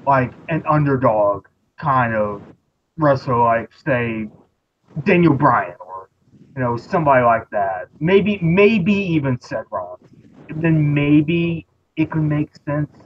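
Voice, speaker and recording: A man's voice: medium pitch, slight background noise. A man co-hosting a casual wrestling podcast, giving blunt opinions and trailing off with fillers. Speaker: podcast co-host. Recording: muffled lo-fi podcast audio.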